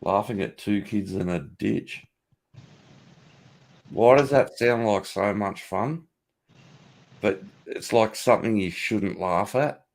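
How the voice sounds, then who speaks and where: A man's voice: on the low side, slow pace, long pauses. A middle-aged Australian man hosting a casual livestream from a home office, swearing freely, joking and laughing often as he answers chat. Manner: profane, jokey, laughs often, reacts to chat. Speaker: livestream host.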